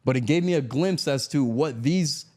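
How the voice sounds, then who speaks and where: A man's voice: medium pitch, moderate pace. A man from Miami, a guest on an interview podcast, telling a story with lots of laughter and acted-out quotes. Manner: animated storyteller acting out quotes, laughs often.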